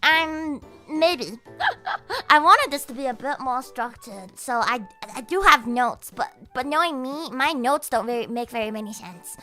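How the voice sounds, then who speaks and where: A woman's voice: sits high, lively intonation, a little slow, bright, forceful tone, faint music behind. A woman VTuber streamer ranting casually, giggly and rambling, swearing constantly.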